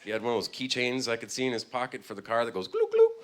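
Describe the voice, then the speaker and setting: A man doing a stand-up routine on a club stage, telling a story with swings from low mumbles to loud bursts. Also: fairly even intonation, racing, heavy background noise. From Canada. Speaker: stand-up comedian. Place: comedy club stage with laughing audience.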